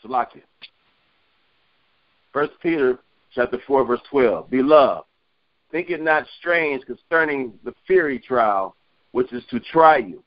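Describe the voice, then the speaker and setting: A man on a conference call reading scripture aloud, slowly and deliberately. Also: mid-range voice, expressive, no room sound. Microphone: phone conference call. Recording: dull lo-fi phone call.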